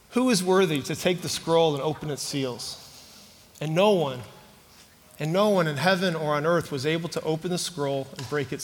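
A man's voice: extremely high pitch, pushed and bright, big-room sound, a little hiss or hum. A man preaching a sermon, reading scripture with dramatic emphasis and letting the congregation call out missing words. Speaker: pastor.

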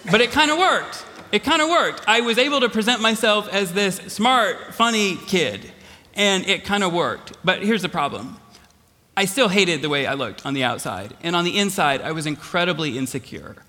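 A man preaching a storytelling sermon in a high, bright voice that swoops up and down. He pokes fun at himself and often laughs through his lines. A long reverb trails after him in the big hall. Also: moderate pace. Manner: animated, self-deprecating, laughs often. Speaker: college president giving a talk.

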